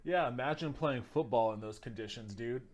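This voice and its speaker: A man's voice: mid-range voice, normal speed. A man streaming, reacting to videos in a loose, rambling casual chat that includes some swearing.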